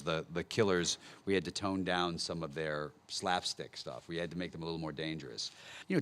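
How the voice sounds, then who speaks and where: A man directing a film, answering press questions in a relaxed, wry, understated way at a table microphone. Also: low voice. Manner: wry, dry understatement with small laughs. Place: press conference hall.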